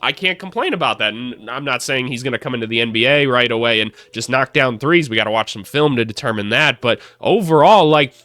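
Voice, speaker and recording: A man's voice: mid-range voice, lively intonation, a little fast, few pauses, sharp tone, no echo, soft background music. A young man, a former college coach, chatting casually and upbeat through a basketball scouting breakdown, a little self-deprecating.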